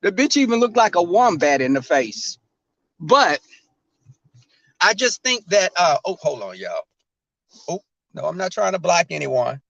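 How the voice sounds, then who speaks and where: Brash high-voiced man with a Southern drawl. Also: big pitch swings, a little slow, creaky, long pauses, a bit bright, dry recording. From Southern US, Texas. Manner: brash, profane, sassy. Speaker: livestream host. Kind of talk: casual ranting commentary. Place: outdoors in the cold. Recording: dull, dry sound.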